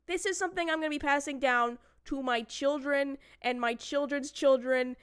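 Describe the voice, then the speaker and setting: A woman's voice: high voice, moderate pace, a bit bright. A woman streamer telling a long story in casual chat, acting out quotes and swearing now and then. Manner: chatty storyteller who acts out quotes and swears.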